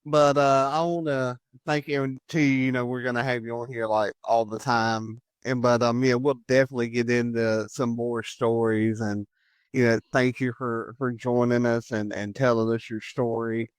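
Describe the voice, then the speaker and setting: A man's voice: medium pitch, little pitch movement, moderate pace, clear, resonant tone, no echo, clean studio sound. A man hosting a podcast, chatting casually, joking and laughing often. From United States. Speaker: podcast host. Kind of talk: casual chat.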